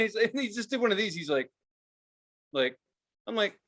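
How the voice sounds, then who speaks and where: A young man with a high voice co-hosts a podcast at a moderate pace. Chatting casually, he tells animated, profanity-laden stories and acts out what people said.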